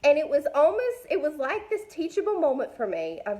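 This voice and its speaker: Chatty woman with a bright higher voice. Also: very animated, brisk. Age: adult mother. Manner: chatty and candid, with many fillers; encouraging, speaks straight to her listeners. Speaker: faith vlogger speaking to women. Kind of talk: casual devotional message.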